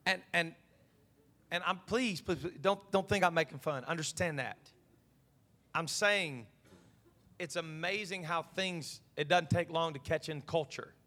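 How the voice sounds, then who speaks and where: Pastor guy preaching, real emphatic, bright sharp voice, echoing around a big church. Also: on the high side, a little slow. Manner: emphatic, pleading, asks the crowd if they follow. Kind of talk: evening sermon. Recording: long reverb of a large hall.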